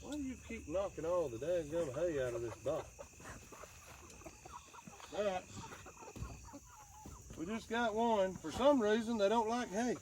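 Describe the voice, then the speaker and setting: A homesteader and co-host speaks in a high-pitched, expressive voice, unhurried and full of long pauses. He playfully dotes on a toddler in baby talk while doing farm chores outside. Faint crickets and farm animals sit in the noisy background.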